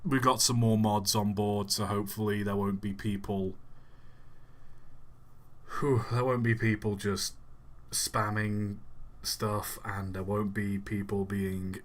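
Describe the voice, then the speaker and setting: A man's voice: fairly low pitch, flat delivery, takes it slowly. A man hosting a live stream in a casual, chatty way, reading out viewers' messages and answering them offhandedly.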